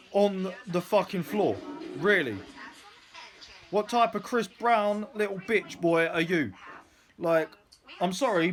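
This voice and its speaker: A man's voice: high voice, pushed and bright. A man ranting angrily on a vlog, swearing often and mocking. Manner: angry, profane, mocking. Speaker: vlogger. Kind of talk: ranting commentary to camera.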